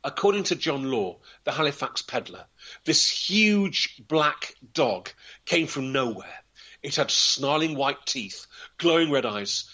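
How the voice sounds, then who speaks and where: Pushed and bright, this man's slightly high voice carries a historical tale told with theatrical flair. He's a local historian and storyteller, vividly acting out each voice in his dramatic telling.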